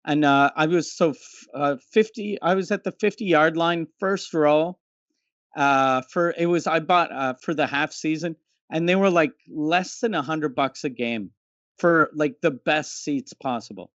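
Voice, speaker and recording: A man co-hosting a casual comedy podcast, talking haltingly with many restarts. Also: a little high, fairly bright tone, dry recording, lo-fi sound. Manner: halting, repeats and restarts often. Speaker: podcast co-host.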